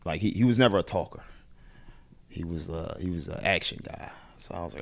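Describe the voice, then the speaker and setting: A man in his thirties from Baltimore, a head wrestling coach telling lively stories in an interview and acting out the voices he quotes. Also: sits low, brisk, gravelly. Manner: animated storyteller, acts out quoted voices. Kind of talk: storytelling in a podcast interview.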